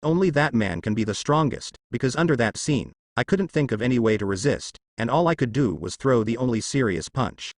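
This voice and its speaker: A man's voice: mid-range voice, lively intonation, a little fast, hardly any pauses, no room sound, studio quality, close to an everyday voice. A man voicing a serious, plain-spoken male hero. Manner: serious, matter-of-fact.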